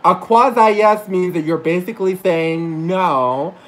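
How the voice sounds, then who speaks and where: A man's voice: sits high, a little slow, fairly bright tone, rough recording. A tipsy man working as a psychic reader, ranting and rambling through a profane livestream monologue, teary at times and correcting himself as he goes.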